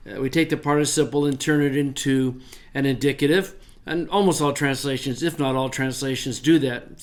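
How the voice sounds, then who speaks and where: A man teaching a Bible lesson in a conversational way, getting emphatic when he quotes verses. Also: on the high side. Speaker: Greek scholar teaching.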